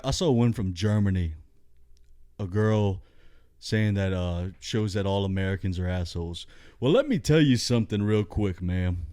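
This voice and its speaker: Blunt, mellow-voiced man. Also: on the low side. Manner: blunt, profane, ranting. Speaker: comedic vlogger. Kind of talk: comic storytelling and rant.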